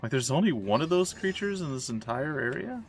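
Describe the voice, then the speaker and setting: A man's voice: on the high side, lively intonation, a little fast, gravelly, slight background noise. A man rambling casually and jokingly over his gameplay as a streamer, wandering off into side stories. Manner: chatty, self-mocking, meandering asides. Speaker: let's play streamer. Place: at home.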